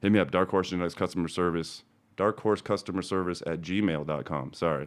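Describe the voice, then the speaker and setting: A middle-aged man from Denver, Colorado, with a fairly low voice hosts a cannabis seed show in a loose, off-the-cuff livestream, speaking a little fast. He swears freely, shifting from heated, angry ranting to calm, friendly chat with viewers.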